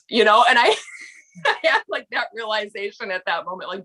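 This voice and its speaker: A woman with a Minnesota accent talks in a high, bright voice that moves up and down a lot. She giggles as she tells her story to the host, animated and open. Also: measured pace, pauses often. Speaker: guest, author. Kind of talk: casual interview.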